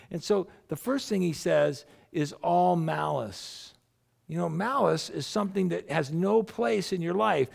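A middle-aged male pastor with a deeply gravelly, fry-laden voice that sits a bit higher than most men's. He preaches in a loose, chatty storytelling way, circling back and restarting his sentences as he goes. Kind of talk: sermon.

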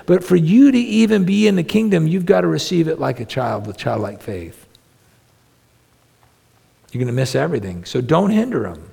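A man's voice: mid-range voice, gravelly, darkish tone, slightly rough. A middle-aged man preaching a sermon as pastor, earnest and conversational, with self-deprecating humor. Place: church sanctuary. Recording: long reverb of a large hall.

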